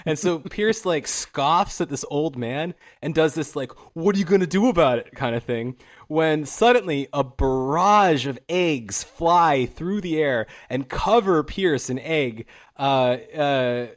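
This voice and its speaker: A man's voice: on the high side, expressive, takes it slowly. Wry, chatty young man telling a story. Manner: casual and wry, with many fillers and chuckles. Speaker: podcast host narrating history. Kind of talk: casual chat.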